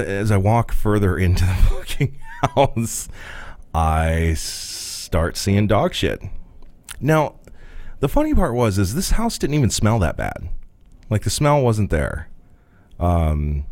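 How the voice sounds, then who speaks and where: A man's voice: lowish voice, very animated, slow, darkish tone, no room sound. A man co-hosting a podcast, telling a work story in a casual, profane way and laughing along. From rural Midwest US. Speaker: podcast co-host.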